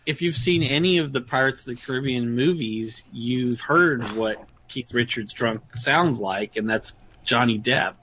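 Radio co-host dude, bright crisp voice, rambles on, bit of noise. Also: male voice, mid-range voice, measured pace, few pauses. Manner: chatty, rambling. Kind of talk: casual banter.

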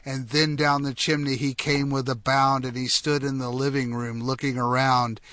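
A man with a crisp, bright voice hosts a radio call-in show from a studio. He reads a rhyming poem aloud with steady, measured rhythm. The sound is close and dry, with no room around it. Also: medium pitch, dry recording. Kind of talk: reading a comic holiday poem aloud.

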